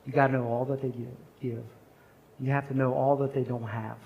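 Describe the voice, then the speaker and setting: A man's voice: medium pitch, level tone, brisk, gravelly, dull audio, slight background noise. A man speaking at a chapel service, telling a personal story in an earnest, conversational sermon.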